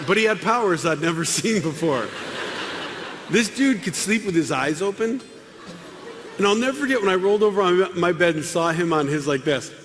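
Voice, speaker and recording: Animated high-voiced man telling stories. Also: normal speed, noisy background. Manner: animated storyteller, acting out scenes. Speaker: Catholic musician and speaker. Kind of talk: comedic personal testimony. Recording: long hall reverb with music.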